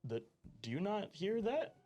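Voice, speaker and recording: A man's voice: sits high, very animated, measured pace, mellow, highs cut off, soft background music, voice pushed up, heavily acted. A man playing a wry, friendly male groundskeeper at a fair in a tabletop game, with a dry, teasing manner.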